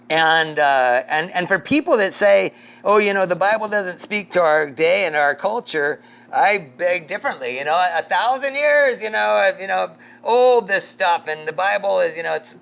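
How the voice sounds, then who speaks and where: A pastor leading a casual Bible study, rambling through a story with lots of fillers and chuckles. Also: male voice, high-pitched, gravelly, a bit bright.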